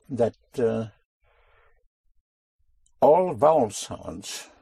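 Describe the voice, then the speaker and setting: A man teaching a spoken language lesson to a student, explaining slowly and deliberately and repeating key sounds. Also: medium pitch, vocal fry, darkish tone, husky, no room sound.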